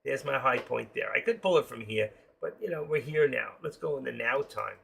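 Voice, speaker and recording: Older man, New York accent, raspy gravelly voice, chatty live-stream host. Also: medium pitch, animated, brisk, fairly bright tone. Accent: New York, with a trace of Florida. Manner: chatty, jokey, talks to viewers while trading. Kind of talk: casual live-stream commentary. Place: home.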